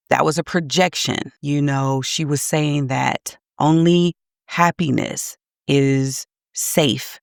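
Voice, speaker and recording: A woman's voice: deep voice, no echo, clean studio sound. A middle-aged woman and parenting coach giving earnest, reflective advice straight to camera.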